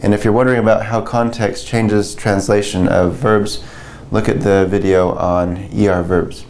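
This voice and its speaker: A man's voice: on the low side, fairly even intonation, moderate pace, darkish tone, slight background noise. A man teaching beginner French grammar in a patient, conversational way, repeating and explaining examples.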